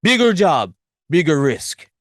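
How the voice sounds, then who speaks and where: A man putting on a shady male crime boss who talks in halting, clipped broken English. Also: high-pitched, no room sound, studio quality, pitched above the performer's own voice. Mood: pushy.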